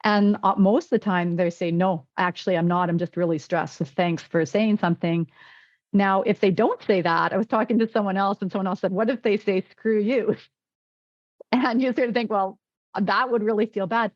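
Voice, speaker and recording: A woman's voice: medium pitch, fairly even intonation, normal speed, dry recording, lo-fi sound. A woman physician and wellness coach in a podcast interview, telling stories and acting out quoted dialogue.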